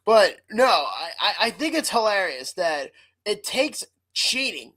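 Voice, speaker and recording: A woman co-hosting a casual podcast chat, teasing the others and laughing loudly and often. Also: mid-range voice, sing-song, unhurried. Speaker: podcast co-host.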